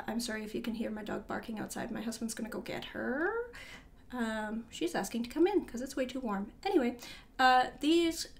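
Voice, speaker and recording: A woman's voice: fairly high pitch, creaky. Chatty woman rambling through a sketchbook tour. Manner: chatty, rambling, self-correcting. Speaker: artist showing her sketchbook.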